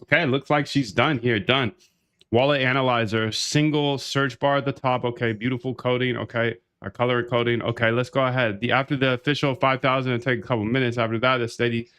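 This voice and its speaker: A man's voice: mid-range voice, fairly even intonation, fairly quick, a bit bright, smooth. A man talking casually while coding live, chatty and loose, repeating his own phrases and calling the listener "dude.". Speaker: coder streaming a live build.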